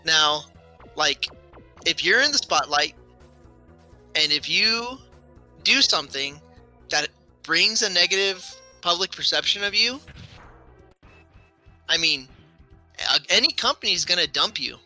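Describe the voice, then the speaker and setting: Bright-voiced opinionated man co-hosting. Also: fairly high pitch, animated, measured pace, long pauses, low-quality recording. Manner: opinionated, filler-heavy, firm. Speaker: co-host. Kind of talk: casual stream chat. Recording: faint game music behind.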